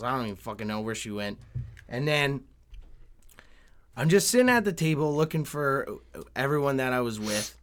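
A young man telling a story in casual chat, swearing often, laughing and getting animated. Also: mid-range voice.

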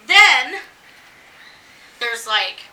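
High bright-voiced woman telling a story, echoey room, a bit off mic. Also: drawn-out words, distant mic. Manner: animated storyteller acting out quotes. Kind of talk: casual chat.

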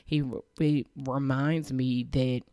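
A woman's voice: a bass voice, fairly even intonation, slow, mellow, no room sound, clean studio sound. A woman hosting a podcast, giving a heartfelt, emotional, faith-based message of encouragement. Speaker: podcast host.

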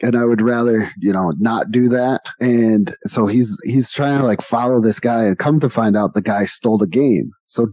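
A man's voice: mid-range voice, normal speed, hardly any pauses, dry recording. An American man telling rambling childhood stories in casual chat, often acting out what people said. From United States. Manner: rambling, animated anecdotes with acted-out quotes.

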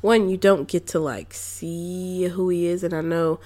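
Slow-talking, sassy young woman reviewing a film. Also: lowish voice, steady tone, mellow. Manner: chatty, incredulous, sassy asides. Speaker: movie reviewer. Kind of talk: casual spoken movie review.

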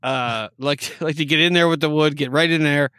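A man's voice: on the high side, moderate pace, pushed and bright, clean tone, no room sound, studio quality. A man co-hosting a casual drink-tasting podcast, joking and often restarting his sentences. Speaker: podcast co-host.

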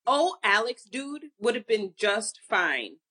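A young woman co-hosting a podcast in casual chat, an expressive storyteller who acts out what others say. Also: on the high side, takes it slowly. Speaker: podcast co-host.

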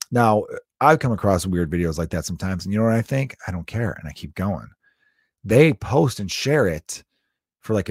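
A man hosting a casual solo talk show, ranting and swearing freely, his voice jumping up high when he is incredulous. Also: breathy edge, no room sound, studio quality. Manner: animated, swears often, pitch jumps up in disbelief.

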